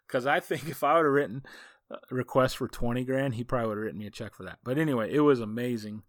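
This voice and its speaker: A man's voice: medium pitch, brisk, no room sound, studio quality. Enthusiastic man telling a coaching story. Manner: enthusiastic, folksy, rambling with asides. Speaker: football coach and podcast host. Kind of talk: casual storytelling monologue.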